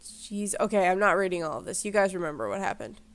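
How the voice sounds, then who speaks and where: A woman's voice: fairly low pitch, animated, quick pace. A woman hosting a game let's play, chatting to her viewers and exclaiming as she plays. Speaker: gaming channel host.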